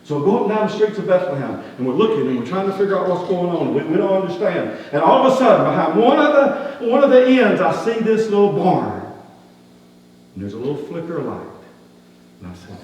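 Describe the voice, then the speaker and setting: A man, a pastor, playing a skeptical, rough-spoken outcast shepherd in a first-person dramatic sermon, talking. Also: sits high, a little fast, muffled recording, voice pushed up. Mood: earnest. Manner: folksy, colloquial grammar, rising animated questioning. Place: church sanctuary. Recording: echoey hall, distant mic, faint hum.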